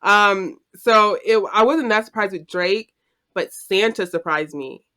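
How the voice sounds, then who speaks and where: A woman hosting a casual chat, playful and quick to laugh. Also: medium pitch, pushed and bright. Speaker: host.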